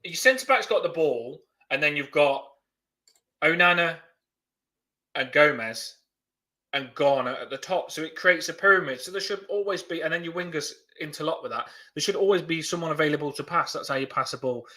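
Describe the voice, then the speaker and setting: A young man, talking in a casual, animated way as he co-hosts a fan chat. His voice sits a touch high and comes across bright and forceful. He laughs often as he tells a story. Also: brisk. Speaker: podcast co-host.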